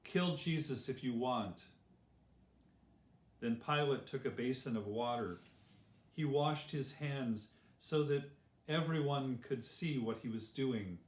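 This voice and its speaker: A man slowly and gently reading a Bible story for children. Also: mid-range voice. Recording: roomy echo.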